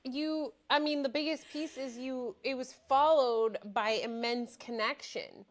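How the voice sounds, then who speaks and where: A woman's voice: high-pitched, steady tone, unhurried. A woman podcast host giving reflective, encouraging spiritual coaching in conversation.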